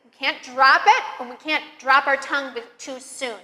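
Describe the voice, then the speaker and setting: A woman teaching English pronunciation, leading slow, careful drills with encouraging praise. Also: high voice, fairly even intonation, sharp tone. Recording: long reverb, room echo.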